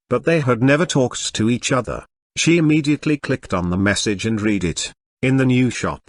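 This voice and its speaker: Lively synthetic male narrator. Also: mid-range voice, no room sound, clean studio sound. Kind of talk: scripted audiobook narration.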